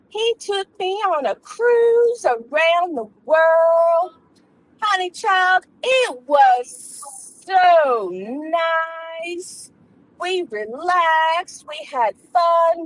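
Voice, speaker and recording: A woman voicing a proud lady who brags about a cruise, in a bragging, lively way. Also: very high-pitched, no echo, voice pushed up, heavily acted, poor audio.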